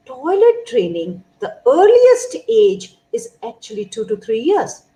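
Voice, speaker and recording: A middle-aged woman pediatrician, giving a measured, explanatory talk to parents and listing her points one by one. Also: a little high, a little mellow, low-quality recording.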